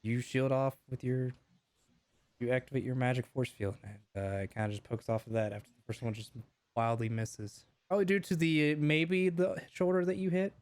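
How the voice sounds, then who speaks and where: A young man narrating a tabletop game as its game master. He talks in an easygoing, halting way, pausing on fillers as he describes the action at a middling pitch. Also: fairly even intonation, darkish tone.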